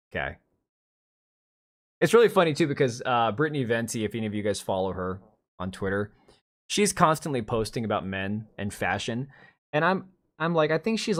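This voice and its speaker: A man in his thirties hosting a casual livestream, rambling bluntly and reacting to chat with restarts and asides. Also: fairly low pitch. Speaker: livestream host.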